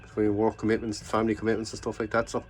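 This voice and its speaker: A man's voice: fairly low pitch, completely flat delivery, racing. A man vlogging a toy review in a casual, enthusiastic, rambling chat full of fillers.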